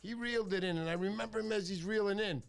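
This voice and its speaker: A man hosting a casual fishing livestream, chatty and excitable, thanking viewers by name. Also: high voice, fast, creaky. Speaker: livestream host.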